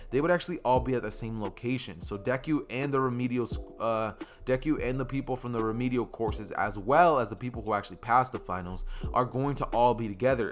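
A young man casually narrating a fan story, excited and rambling, often correcting himself mid-sentence. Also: medium pitch. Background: faint music.

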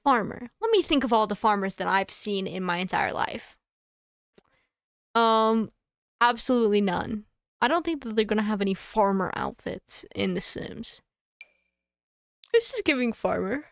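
A woman streamer chatting casually to herself and her audience while playing a game, thinking aloud with quick asides. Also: medium pitch, lively intonation, gravelly, no room sound, studio quality.

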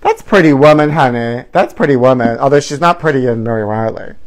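A man's voice: mid-range voice, expressive, brisk. A man hosting a live celebrity gossip stream. He talks in a campy, theatrical way, calls viewers honey and trashy, and swoops up into mock outrage.

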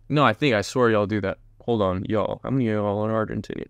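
A man's voice: fairly low pitch, quick pace, creaky, few pauses, clear, resonant tone, no echo. A man hosting a casual solo podcast, chatting in a rambling way, jumping between tangents and talking straight to his viewers. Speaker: podcast host.

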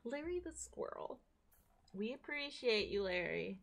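A woman streamer talks over her gameplay in a slightly high voice, excitable and quick to giggle. She swears casually and gushes about what she sees on screen. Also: gravelly. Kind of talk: live gameplay commentary.

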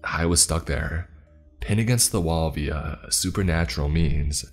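A man narrating a scripted horror story in the first person, with measured, dramatic storytelling. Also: very deep voice. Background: faint music.

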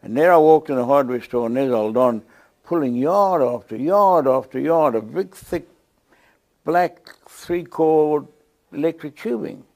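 A man with a South African accent telling a lively testimony story to a church, acting out the scenes as he goes. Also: on the high side, measured pace. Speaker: guest preacher.

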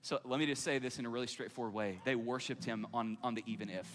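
Male pastor, bright and forceful, chatty sermon delivery, big echoing church hall. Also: mid-range voice, fast talker, few pauses, faint music behind. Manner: conversational, acts out everyday dialogue. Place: church auditorium. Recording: long reverb of a large hall.

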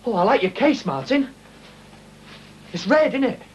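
A man's voice: very high-pitched, lively intonation, moderate pace, muffled recording, noisy background. An actor playing a nervous, apologetic young man who stammers and trips over his words in a sitcom. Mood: flustered. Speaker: sitcom character. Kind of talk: 1980s TV sitcom acting.

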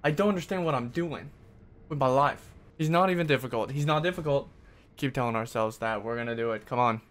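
A man's voice: medium pitch, a little fast, fairly bright tone. A man streaming live gameplay, venting frustration with sarcastic jokes and swearing while he plays. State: sweaty and worked up. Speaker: gaming streamer.

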